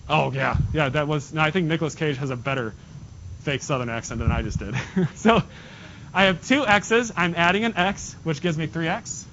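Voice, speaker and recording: A man's voice: on the high side, lively intonation, normal speed, fairly bright tone. A male math teacher working through problems with his class step by step and making joking asides. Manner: talks students through steps, jokey asides. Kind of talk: classroom lesson. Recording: dull lo-fi classroom recording with faint hiss.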